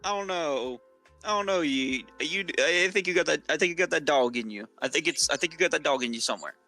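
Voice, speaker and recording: A woman's voice: sits low, animated, a little fast, a bit bright, faint music behind. A British woman co-hosting a casual stream chat, giggling often and reading chat messages aloud. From Britain. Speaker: streamer co-host.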